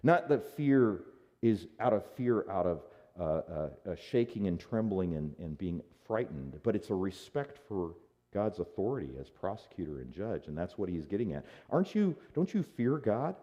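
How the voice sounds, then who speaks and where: A man preaching a sermon as a pastor, in an animated, conversational way. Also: deep voice, moderate pace, muffled recording.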